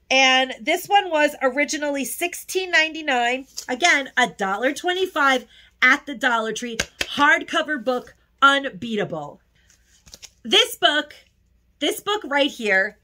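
Bright high-voiced woman gushing over finds. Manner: gushing, emotional, chatty. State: tearful at times. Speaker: haul vlogger. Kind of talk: casual haul chat.

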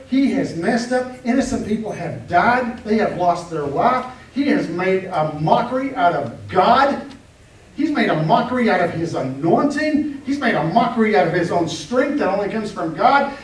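A man's voice: high voice, lively intonation, moderate pace. A man preaching a sermon with emphatic repetition and rhetorical questions. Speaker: pastor. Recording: echoey room, heard from a distance.

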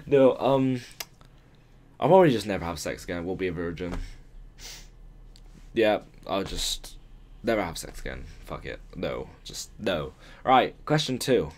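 A man's voice: low voice, very animated, moderate pace, pauses often, faint music behind. A young man answering viewer questions in a casual vlog at his mother's home, rambling and joking, swearing and laughing often. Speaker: YouTuber.

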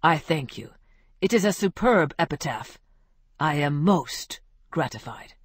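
A grandiose male biographer, as a woman reads him, talks in ornate, effusive phrases. The voice sits a little low and is dry and close, with no room around it. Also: lively intonation, a little slow, husky, no echo, heavily acted. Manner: flowery and effusive.

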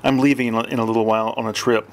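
A man's voice: medium pitch, little pitch movement, rapid-fire, lightly acted. A man voicing an earnest male novelist near sixty, searching for meaning, in an audiobook.

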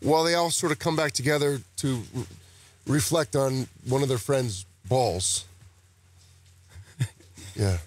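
Taking it slowly and pausing often, an actor guesting on a talk show set with cameras at a golf tournament rambles and pokes fun at himself in casual interview chat. His voice is medium-pitched, with slight background noise.

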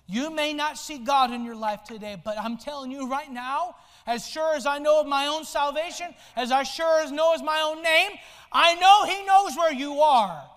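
A male pastor preaching a sermon, swinging from soft low asides to loud shouted lines. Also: normal speed. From United States. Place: church sanctuary. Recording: long hall reverb in a church.

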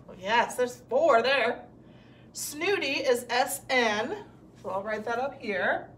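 A woman's voice: on the high side, slow, a bit bright, slight background noise. A woman teacher giving a recorded phonics lesson to young children, patiently sounding out words and praising answers.

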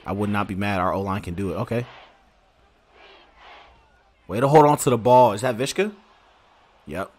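A man streaming a football video game, giving excitable, slangy live commentary and talking to his viewers. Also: lowish voice, normal speed, long pauses. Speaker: gaming streamer. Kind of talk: casual live gameplay commentary.

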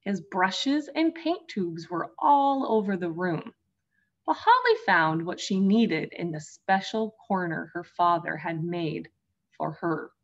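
A woman teacher reading a picture book aloud to young children, gently addressing them as friends. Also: fairly low pitch, expressive, slow pace, dull audio. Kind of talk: storybook read-aloud for children.

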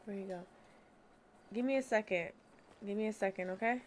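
A woman's voice: medium pitch, normal speed, a little hiss or hum. A woman streaming a game and talking to her viewers in casual slang, laughing often. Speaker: gaming streamer.

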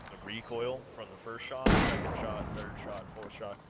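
A man's voice: lowish voice, steady tone, moderate pace, very noisy. A man in casual voice chat with fellow gamers, explaining at length and swearing often.

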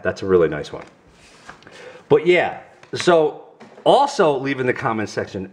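Middle-aged New York dad, family vlog host, goofy and talkative, very lively pitch. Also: male voice, a little hiss or hum. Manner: goofy, chatty, talks straight to viewers. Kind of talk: casual card-opening vlog.

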